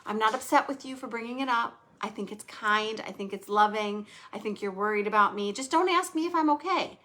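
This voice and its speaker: A woman's voice: mid-range voice, a little fast, sharp tone. A middle-aged woman hosting a podcast, chatting candidly and emotionally, rambling a little. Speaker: podcast host. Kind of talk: casual podcast chat.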